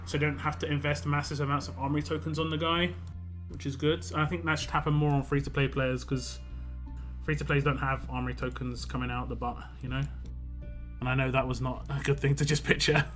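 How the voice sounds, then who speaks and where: A man's voice: mid-range voice, flat delivery, a little fast, a bit bright, faint music behind. A man streaming a mobile game, chatting casually and giving opinionated takes, with frequent filler words. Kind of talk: casual live-stream commentary.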